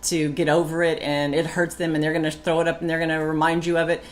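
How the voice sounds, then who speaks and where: A woman's voice: low voice, fast. A woman co-hosting a marriage talk, chatting casually and acting out her old arguments. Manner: animated, acts out her past outbursts. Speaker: co-host of a marriage talk show. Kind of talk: casual chat with reading aloud.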